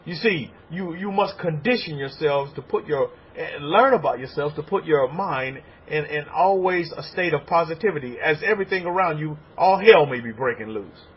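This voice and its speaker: Husky-voiced preaching man, lo-fi recording. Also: on the high side, normal speed, hardly any pauses. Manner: animated preaching, acts out congregants' voices. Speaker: rabbi. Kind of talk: sermon.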